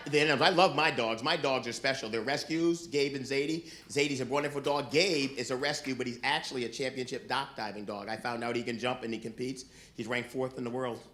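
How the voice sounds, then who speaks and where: A man's voice: medium pitch, fairly even intonation, a little fast, few pauses, fairly bright tone, a little hiss or hum. A middle-aged man doing stand-up comedy, brash and profane, teasing the audience from a club stage. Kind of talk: stand-up comedy with crowd work. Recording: live club recording with audience laughter.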